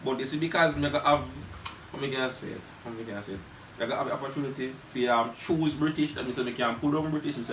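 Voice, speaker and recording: A young man with a Jamaican accent talks in an animated, storytelling way, slipping into Patois. He sits some distance from the mic in a roomy, echoey space with a faint hiss underneath. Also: medium pitch, fast talker. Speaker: guest. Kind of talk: casual chat.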